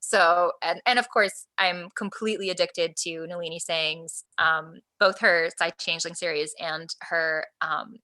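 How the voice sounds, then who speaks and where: A woman author in a casual interview, talking excitedly with frequent restarts and laughter. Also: on the low side, measured pace, few pauses. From Alaska. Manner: excited, gushing, laughs often, many restarts. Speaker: guest author.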